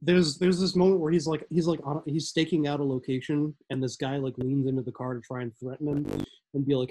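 This is a man co-hosting a film podcast. He speaks a little high for a man, with a mellow, slightly husky voice. His delivery is dry and deadpan. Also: fairly quick, low-quality recording. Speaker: podcast co-host. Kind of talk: casual chat.

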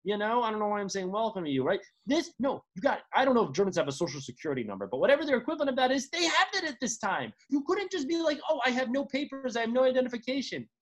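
A high-voiced man co-hosts a casual movie-review chat, ranting in exasperated bursts. His pitch leaps all over the place as he swears and complains sarcastically. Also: sing-song. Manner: rapid pitch swings, sarcastic. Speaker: podcast co-host.

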